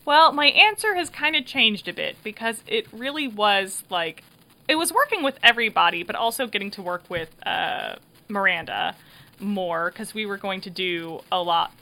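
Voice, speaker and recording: A woman's voice: medium pitch, lively intonation, normal speed, sharp tone. A woman hosting a podcast wrap-up in casual chat, laughing often and filling gaps with um and uh. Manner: chatty, laughs often, frequent fillers. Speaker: podcast host and creator.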